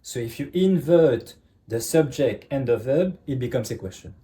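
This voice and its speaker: A man's voice: medium pitch, lively intonation, moderate pace, dark tone. A man teaching a French lesson in English, explaining step by step and checking in with "okay?" all the time. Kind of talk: online language lesson.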